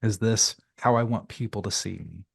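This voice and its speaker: A man's voice: lowish voice, gravelly, no echo. Reflective male podcast host, dry sound. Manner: reflective, halting, repeats words. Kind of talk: casual interview chat.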